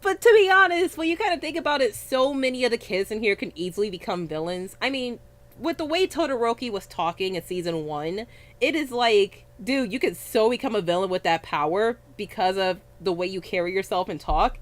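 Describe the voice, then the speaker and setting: A woman's voice: mid-range voice, expressive, brisk. A woman co-hosting a casual anime review chat, talking freely, swearing often and tripping over names.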